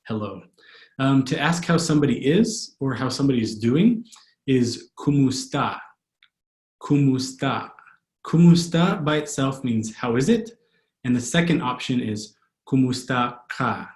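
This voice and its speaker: A man tutoring a language lesson who says each phrase slowly and repeats it for practice. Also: mid-range voice, darkish tone. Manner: slow, deliberate repetition of phrases. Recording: roomy echo.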